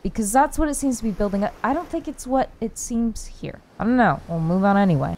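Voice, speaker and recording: A woman's voice: medium pitch, expressive, a little fast, few pauses, a little mellow. A woman streamer commenting casually on a dating game, self-mocking and swearing freely. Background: faint game music.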